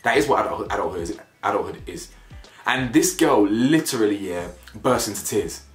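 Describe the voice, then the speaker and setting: A man's voice: on the low side, expressive, fairly quick. A man giving blunt, slangy commentary on a reality show, repeating himself for emphasis. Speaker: reality TV reviewer. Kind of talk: casual opinionated commentary. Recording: echoey room with faint music.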